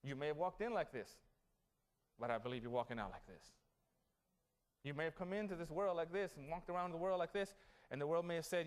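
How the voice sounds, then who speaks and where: A man's voice: fairly high pitch, a little fast. A man giving a motivational graduation speech, telling stories and asking the audience questions. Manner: animated storytelling, asks the audience questions. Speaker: graduation guest speaker. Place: city hall event.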